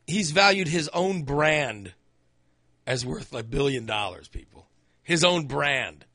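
A man's voice: fairly high pitch, animated, slow pace, bright, forceful tone, no room sound. A man hosting a talk show, delivering an opinionated monologue in a ranting, sarcastic, exasperated way into a studio microphone.

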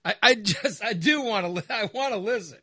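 High, sharp-voiced man ranting. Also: lively intonation, brisk, slightly rough, dry recording, studio quality. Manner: exasperated and sarcastic, fired-up ranting. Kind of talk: casual opinion rant.

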